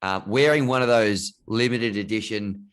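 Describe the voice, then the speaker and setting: Easygoing Australian man, low voice. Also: a bit bright, smooth. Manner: easygoing, quick to laugh, chatty. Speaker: podcast co-host. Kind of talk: casual chat.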